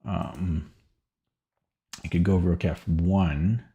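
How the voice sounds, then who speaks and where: Slow, deep-voiced man thinking aloud. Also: fairly even intonation, dark tone, highs cut off. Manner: hesitant, stammers and repeats words while thinking aloud. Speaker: chess streamer. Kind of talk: live-stream chess commentary.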